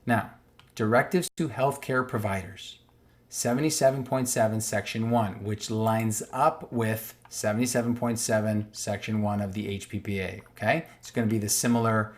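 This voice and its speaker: A man's voice: fairly low pitch, fairly even intonation, normal speed. A man from Canada reading a legal document aloud on screen and explaining it emphatically, repeating the key points. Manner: emphatic and repetitive, stressing key words; reads passages aloud, then restates them plainly. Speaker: online commentator.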